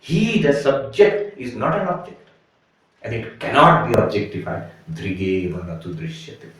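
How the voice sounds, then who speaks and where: A man giving an animated spiritual lecture, telling a story and acting out its voices. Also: medium pitch, normal speed. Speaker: monk giving a retreat talk. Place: retreat hall. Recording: echoey room, from a distance.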